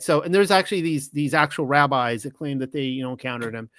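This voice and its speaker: A man's voice: mid-range voice, fast, dry recording. A man hosting a podcast, talking in a casual, rambling monologue with many restarts and self-corrections. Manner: retells stories with lively quoted dialogue. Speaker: podcast host.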